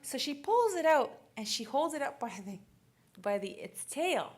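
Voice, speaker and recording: A woman giving a talk, telling a lively family story with quoted voices and frequent laughter. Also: sits high, moderate pace. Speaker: speaker.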